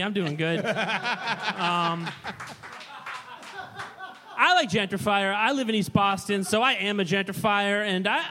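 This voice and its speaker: High, lively man, sheepish and self-mocking. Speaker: comedy game contestant. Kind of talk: improv comedy answer.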